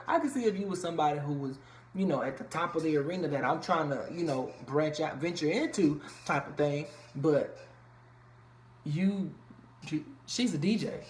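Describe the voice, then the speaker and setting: A man's voice: fairly high pitch, moderate pace, darkish tone. Man, casual review vlog, blunt and cussing, echoey room, faint background hum. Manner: blunt, profane, ranting. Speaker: reality show reviewer. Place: home room.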